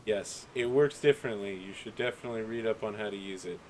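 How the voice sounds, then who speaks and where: A man running an online tabletop game as game master, brisk with dry teasing. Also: fairly low pitch.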